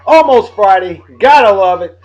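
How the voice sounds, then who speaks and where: A middle-aged man hosts a casual vlog, upbeat, jokey and hammy as he gives shout-outs. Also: high voice, animated, normal speed, faint music behind, poor audio. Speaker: vlog host.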